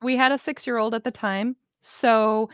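A middle-aged woman, a guest in an interview, telling her life story in a casual, animated way, acting out quoted dialogue and laughing often. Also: a little high, normal speed, smooth, no room sound, studio quality. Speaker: interview guest, business owner.

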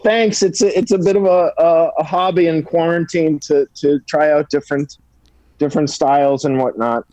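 A man, a comedian guest, talking in a halting, self-deprecating way with stammered restarts. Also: a little high, steady tone, a little mellow, no echo, low-quality recording. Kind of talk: casual interview chat.

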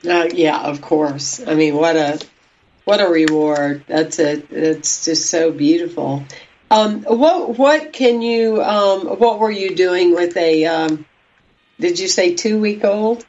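A woman's voice: fairly low pitch, slow, a little mellow, dull audio. A woman hosting an interview who speaks emphatically and gives her opinions freely. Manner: emphatic, opinionated, hesitant restarts. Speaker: interview host. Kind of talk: interview chat.

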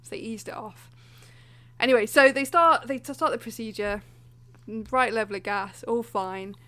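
A woman's voice: a little high, normal speed, fairly bright tone, no echo. A young woman telling a story in casual chat, acting out other people's lines with lots of laughter.

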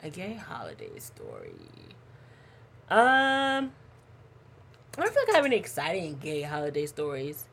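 Animated woman telling stories, lively pitch. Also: unhurried, gravelly, long pauses, breathy edge. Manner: animated storyteller, acts out quotes, laughs often. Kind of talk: casual chat.

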